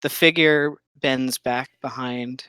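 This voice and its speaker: A game master narrating a tabletop game, setting eerie scenes slowly and with pauses. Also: mid-range voice, steady tone, bright, forceful tone, clear, resonant tone, no room sound, low-quality recording.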